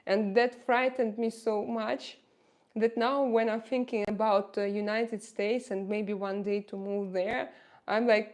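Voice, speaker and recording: A woman with a Russian accent, a native Russian speaker, chatting casually with her livestream viewers, often pausing to search for English words. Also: fairly high pitch, steady tone, a little mellow. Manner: hesitant, searching for words with many fillers. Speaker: livestream host reading viewer chat.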